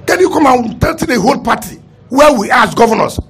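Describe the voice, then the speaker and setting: A man's voice: very high-pitched, big pitch swings, a little fast, a bit bright, husky. A man with a Nigerian accent, a state governor making an indignant, emphatic statement to the press. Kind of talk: heated political statement to the press.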